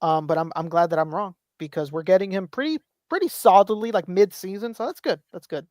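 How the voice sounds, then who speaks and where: A man's voice: high voice, brisk, a little mellow, no echo, clean studio sound. A man in his thirties co-hosting a podcast, telling rambling stories, swearing freely and acting out quotes. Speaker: podcast co-host. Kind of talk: casual chat.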